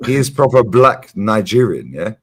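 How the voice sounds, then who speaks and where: A man in casual stream chat, animated and quick to laugh, swearing freely as he talks. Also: on the low side, slightly rough.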